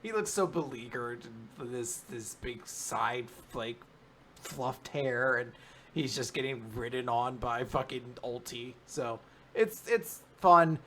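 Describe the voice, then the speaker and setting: Enthusiastic bright-voiced co-host. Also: male voice, mid-range voice, takes it slowly, slight background noise. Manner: enthusiastic, swears casually. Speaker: podcast co-host. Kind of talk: casual recap chat.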